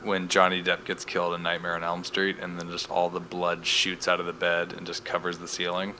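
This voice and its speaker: A man's voice: sits low, completely flat delivery, a little fast, bright, forceful tone, slight background noise. A man co-hosting a podcast, recapping a TV episode in casual chat with wry, joking asides. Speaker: podcast co-host.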